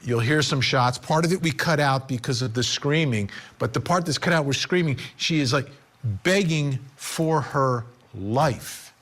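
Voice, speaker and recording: A man's voice: mid-range voice, unhurried, fairly bright tone. Conversational male TV news host. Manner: conversational, emphatic storytelling. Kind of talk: broadcast news commentary.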